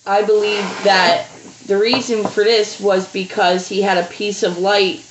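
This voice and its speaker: A woman talking through a fan theory in a casual, halting way, full of restarts. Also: mid-range voice, flat delivery, a little hiss or hum. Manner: halting, many fillers and restarts.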